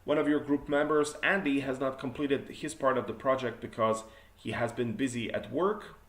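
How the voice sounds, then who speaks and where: A man's voice: mid-range voice, fairly even intonation, normal speed, fairly bright tone, reverberant. A man teaching an exam prep class, reviewing student answers and showing how to phrase them better. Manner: corrective, demonstrates better phrasing.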